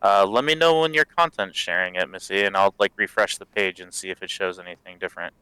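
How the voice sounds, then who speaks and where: A man's voice: low voice, fast, sharp tone, smooth, no room sound, poor audio. A man running a tabletop game as dungeon master, narrating with hesitant fillers.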